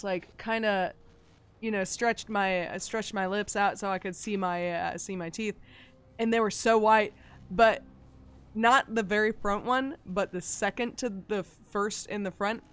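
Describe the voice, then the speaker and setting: A woman streamer in casual chat, rambling through a long story with loose swearing and sudden loud, excited bursts. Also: mid-range voice, normal speed, smooth.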